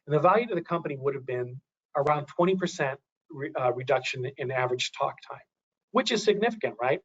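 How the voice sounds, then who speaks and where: A man's voice: mid-range voice, expressive, quick pace, husky, dull audio. A man giving a webinar presentation, talking through graphs, thinking aloud with many restarts and fillers.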